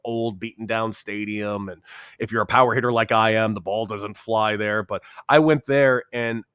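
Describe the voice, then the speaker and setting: A man in his thirties, a podcast guest telling a story in a casual, animated way, acting out quotes with sudden jumps in voice. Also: normal speed, clear, resonant tone, no room sound, studio quality. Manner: animated, acts out quotes with big pitch jumps. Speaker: podcast guest, former baseball player.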